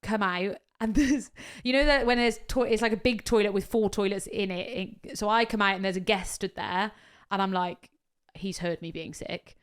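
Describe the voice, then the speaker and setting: A woman co-hosting a podcast in casual chat, telling a story with lively energy, swearing freely and acting out what people said. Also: medium pitch, normal speed, few pauses, clear, resonant tone. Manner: animated storyteller, swears freely, acts out quotes. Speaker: podcast co-host.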